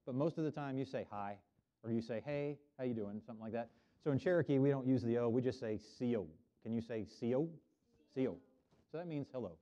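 A man's voice: medium pitch, very fast, mellow. A middle-aged man, a minister giving a friendly children's sermon in a church and having the kids repeat words after him. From Oklahoma. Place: church sanctuary. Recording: dull lo-fi church recording.

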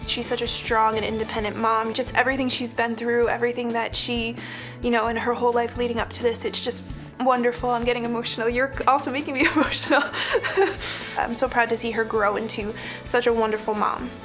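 A woman's voice: a little high, level tone, fairly quick. A woman giving a short recorded interview about a relative, speaking earnestly and tenderly. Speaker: interviewee, family member. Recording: interview with music underneath.

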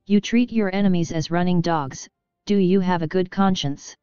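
A woman reading as an outraged, defiant male warrior roars in shame at his kneeling comrades. The voice is low for a woman and very clean, set against a dull, lo-fi sound with a faint music bed behind it. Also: steady tone, normal speed, mellow, smooth, no echo, natural voice. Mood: indignant. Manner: roaring, indignant.

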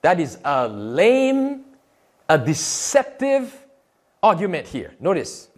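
A man's voice: sits high, wildly swooping pitch, slow. A man, a pastor, giving emphatic sermon-style commentary on video clips, repeating quotes and firing rhetorical questions.

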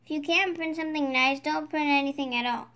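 A woman's voice: high-pitched, brisk, a bit bright. A young woman voicing a plucky, firm female squirrel while reading a storybook. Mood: indignant. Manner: indignant and firm.

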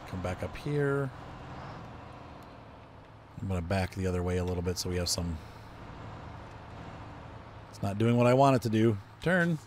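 A man with a low-pitched, somewhat mellow voice gives casual commentary while streaming a game, sounding congested because of allergies. He rambles, talks his driving through aloud, and corrects himself. Slight background noise is present.

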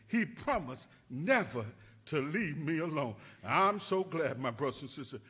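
A male pastor preaching a sermon with fervent delivery that rises to shouts. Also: a little high, animated, unhurried, husky.

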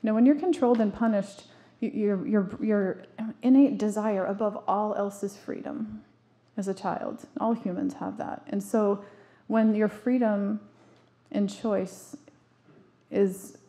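Mellow-voiced woman giving an earnest talk. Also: medium pitch, fairly even intonation, measured pace. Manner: earnest, emphatic storytelling with frequent restarts. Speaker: parenting speaker. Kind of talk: public talk to an audience.

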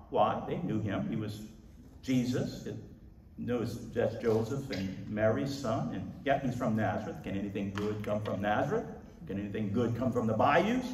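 A male pastor preaching an animated sermon, his voice booming when he quotes scripture. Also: normal speed. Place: large church hall. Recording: echoey hall, voice from far off.

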